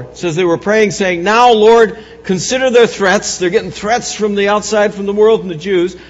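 A man preaching an Easter sermon as pastor. He swings between soft, low reflection and loud, raised preaching, and often repeats words and restarts phrases. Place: church sanctuary. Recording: dull, echoey church hall.

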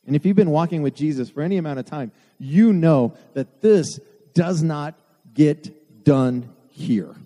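A man's voice: a little high, a little slow, warm tone. A man preaching a sermon to his church, earnest with self-deprecating asides. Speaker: pastor. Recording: long hall reverb.

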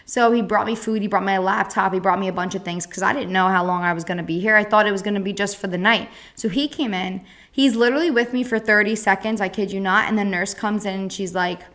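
A woman's voice: mid-range voice, quick pace, hardly any pauses. A young woman hosting a podcast, telling a personal story in a blunt, casual way with a lot of swearing. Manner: blunt, frequent swearing, animated retelling. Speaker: podcast host.

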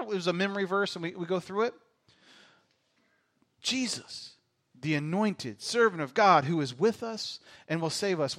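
Male pastor, middle-aged, higher-pitched voice, lively sermon delivery with loud bursts and quiet asides. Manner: animated, swings from loud exclamations to hushed near-whispers.

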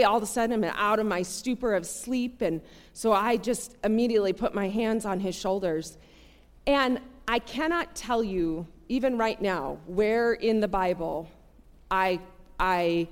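A woman giving a sermon, telling a personal story in an earnest, conversational and animated way. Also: medium pitch. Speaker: preacher. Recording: long hall reverb.

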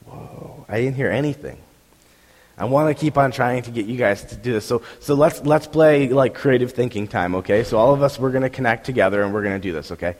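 A young man preaching a sermon with a voice roughened by a sore throat, telling the story animatedly and acting out the crowd's reactions. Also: mid-range voice, fast talker, a little mellow. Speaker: pastor. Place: church hall. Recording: long hall reverb.

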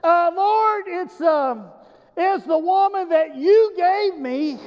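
A sheepish, whiny grown man mumbling excuses, as a preacher puts him on, his voice pushed up high and strained. It trails off with hesitant ums. It sounds muffled, with a long echo of a big hall. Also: expressive, slow pace, full character voice. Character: sheepish adult man Adam, making excuses. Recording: muffled recording in a large reverberant hall.

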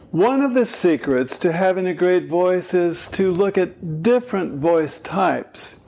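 Slow, gravelly man coaching voices. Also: sits high, darkish tone. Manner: demonstrative, slow and deliberate. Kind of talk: instructional talk.

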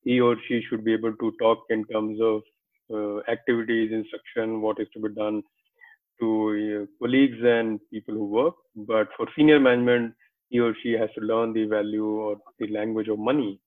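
A man's voice: fairly low pitch, level tone. Affirming male host on a tinny line. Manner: affirming, measured, frequent hesitations. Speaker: interview host. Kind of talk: conversational interview. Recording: tinny phone-like call audio.

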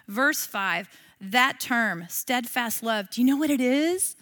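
A woman's voice: a little high, expressive, slow pace, fairly bright tone. A middle-aged woman teaching a Bible class in a casual, conversational way, often asking her listeners questions.

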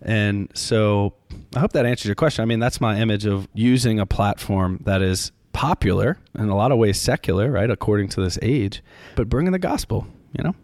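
Animated priest, dry podcast sound. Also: male voice, fairly quick, no room sound. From Louisiana. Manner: animated storyteller, jumps pitch for quoted voices. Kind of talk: casual interview conversation.

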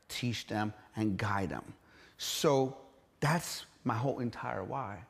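Blunt middle-aged man from Iran. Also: on the low side. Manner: blunt and emphatic, swears, acts out quoted voices. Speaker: guest, gym entrepreneur. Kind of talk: casual storytelling interview.

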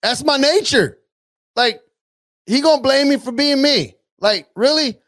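A man's voice: very high voice, lively intonation, measured pace, a bit bright, pitched above the performer's own voice, heavily acted. A man voicing a smug male devil who shrugs off blame in a casual, mocking way. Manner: casual, mocking, matter-of-fact.

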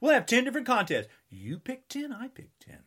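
A man's voice: extremely high pitch, wildly swooping pitch, a little fast, bright, forceful tone, husky. A man in his sixties delivering an angry political rant, combative and taunting, with heavy repetition. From United States. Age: 60s. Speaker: political ranter.

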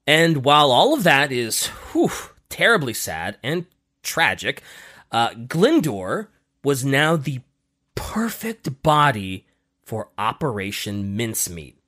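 A man hosting a casual podcast, telling a history story with lively emphasis and frequent fillers. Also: medium pitch, takes it slowly. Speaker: podcast host.

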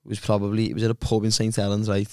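Podcast co-host, sweary, laughs a lot, dry close sound. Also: male voice, on the low side, completely flat delivery, very fast, darkish tone, smooth, no echo. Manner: sweary, laughs at his own stories. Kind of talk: casual banter, telling stories.

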